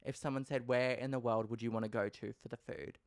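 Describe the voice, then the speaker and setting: An Australian man hosting a casual solo podcast, talking in an animated, playfully dramatic way and swearing freely. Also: mid-range voice, a little fast, no echo, studio quality. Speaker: podcast host.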